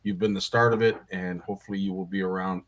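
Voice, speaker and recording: A man's voice: sits low, fairly even intonation, fast talker, fairly bright tone. A man hosting a live show, talking in a friendly, encouraging, casual way. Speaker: host.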